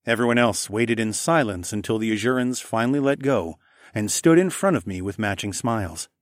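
A man's voice: on the low side, a little fast, no room sound, clean studio sound. A man narrating a first-person fantasy audiobook in an easy storytelling manner.

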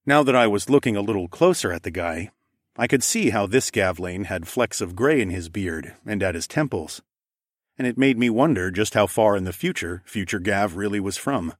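Low-voiced man narrating an audiobook. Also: moderate pace, no echo, studio quality. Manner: wry, conversational storytelling. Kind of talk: first-person audiobook narration.

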